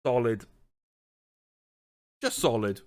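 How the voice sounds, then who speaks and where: A man's voice: mid-range voice, big pitch swings, slow pace, warm tone. A man giving casual let's-play commentary on a football management game, chatty and thinking aloud, with bursts of exasperated ranting. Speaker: gaming streamer.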